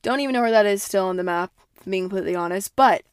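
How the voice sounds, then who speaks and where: A young woman hosts a podcast and rambles through a story in casual, animated talk. She swears freely, leans on "like," and owns being dramatic. Her voice sits at a middling pitch, recorded dry and close with no room sound. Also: rapid-fire, clear, resonant tone, dry recording. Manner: self-described dramatic. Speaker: podcast host.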